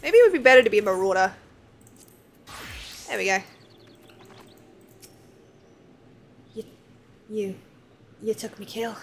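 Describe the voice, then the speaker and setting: A woman's voice: mid-range voice, very animated, normal speed, slight background noise. A woman voicing a chatty, fond old pirate crewmate in a salty sailor's dialect while reading game dialogue aloud. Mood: grumbling.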